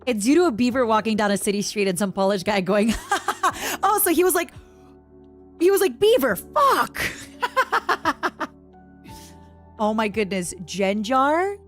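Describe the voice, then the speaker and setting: A young woman from Canada chatting casually on a livestream, giggly and given to high squeals and snatches of song. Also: expressive, moderate pace, soft background music. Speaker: streamer.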